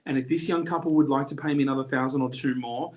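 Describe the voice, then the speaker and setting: Confident, joking auctioneer. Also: male voice, mid-range voice, fairly even intonation, quick pace. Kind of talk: storytelling in an interview.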